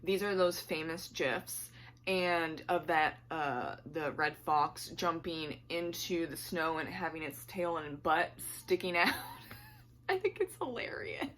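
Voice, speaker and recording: A woman's voice: deep voice, slow, fairly bright tone, slight background noise. A woman book vlogger chatting casually to camera at home, rambling and laughing often, her voice slightly worn.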